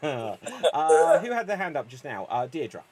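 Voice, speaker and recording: A man hosting a live online improv show, upbeat and quick to laugh, talking over a video call. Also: a little high, big pitch swings, crowd noise. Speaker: improv host.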